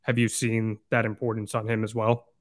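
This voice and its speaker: Steady man hosting a podcast. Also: lowish voice, normal speed, dry recording, clean studio sound. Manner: steady, guiding questions with filler "uh". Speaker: podcast host. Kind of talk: casual interview.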